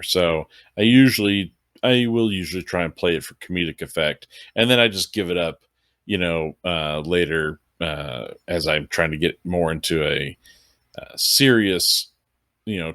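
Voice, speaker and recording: A man co-hosting a podcast, explaining tabletop game-mastering tips in a measured, casual way. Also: low voice, pushed and bright, no room sound, studio quality. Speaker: podcast co-host. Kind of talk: casual chat about tabletop horror gaming.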